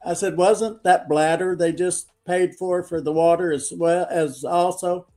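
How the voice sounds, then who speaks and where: A man joining a livestream panel as a guest, teasing and talking in halting restarts. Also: sits high, fairly even intonation, darkish tone, faint music behind. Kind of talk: casual livestream banter.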